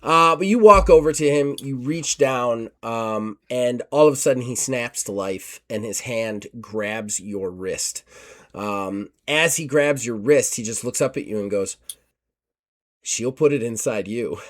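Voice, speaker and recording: Male game master, relaxed, rambling horror narration, self-correcting. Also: medium pitch, unhurried. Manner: casual, many fillers, self-correcting.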